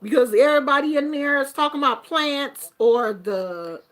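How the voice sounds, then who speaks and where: A middle-aged woman chatting casually to her viewers, telling animated stories and laughing through them. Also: sits high, normal speed. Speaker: YouTuber. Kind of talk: casual storytelling chat.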